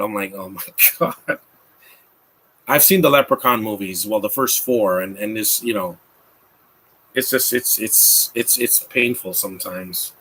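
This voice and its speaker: Bright-voiced man mocking a film. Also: mid-range voice, a little hiss or hum. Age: 30s. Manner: rambling, mocking asides with frequent restarts. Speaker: film commentator. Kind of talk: live movie commentary.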